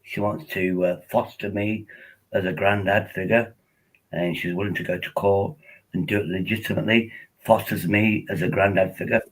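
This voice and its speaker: Older streamer, husky low voice, rambling friendly chatter over a laptop mic. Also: male voice, steady tone, normal speed, low-quality recording. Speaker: live-streamer. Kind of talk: casual live-stream chat.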